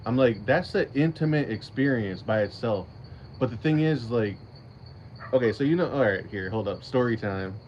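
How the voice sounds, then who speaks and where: A man's voice: medium pitch, animated, normal speed, a little mellow, slight background noise. A man hosting a casual livestream, rambling and swearing freely, often breaking into laughter. His audio is a little dull. Crickets chirp faintly in the background. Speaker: channel host.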